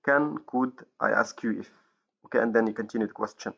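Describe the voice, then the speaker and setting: A man from Morocco teaching an English grammar lesson, pausing often with fillers and correcting himself, in a dull lo-fi recording. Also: on the low side, vocal fry, fairly bright tone, breathy edge. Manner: hesitant, many fillers and self-corrections.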